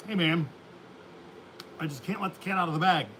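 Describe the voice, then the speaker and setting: Folksy high-voiced man chatting on a livestream. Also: pushed and bright, a little hiss or hum. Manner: folksy, rambling, laughs often. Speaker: beekeeping channel host. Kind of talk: casual livestream chat.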